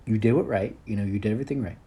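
A man's voice: fairly low pitch, very fast, dark tone. Rambling, crude young podcast host man. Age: 20s. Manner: rambling, self-deprecating, crude. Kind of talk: solo podcast monologue.

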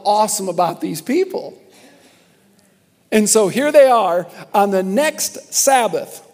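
High-voiced young pastor preaching in a hall. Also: male voice. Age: young adult. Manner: animated storytelling, laughing and exclaiming. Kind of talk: sermon. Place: church sanctuary. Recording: long reverb of a large hall.

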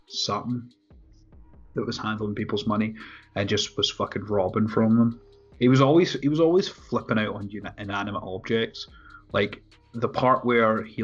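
A man whose fairly low voice has a breathy edge casually narrates over a movie for a podcast. Animated and profane, he laughs frequently while recounting scenes, and the dull lo-fi recording carries faint music.

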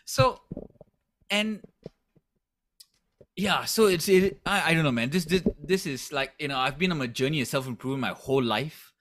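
A man's voice: fairly high pitch, moderate pace, long pauses, a bit bright. A man co-hosting a casual comedy podcast who talks earnestly and reflectively, with lots of "you know" and "right".

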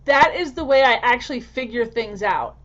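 Woman, interview host, supportive, casual, slightly high voice, lo-fi muffled recording. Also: expressive, moderate pace, fairly bright tone. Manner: supportive, brief affirmations.

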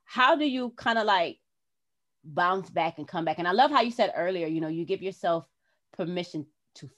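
A woman's voice: fairly low pitch, expressive, normal speed, a bit bright. A woman hosting a podcast, talking in a casual heart-to-heart way and acting out her own past words expressively. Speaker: podcast host.

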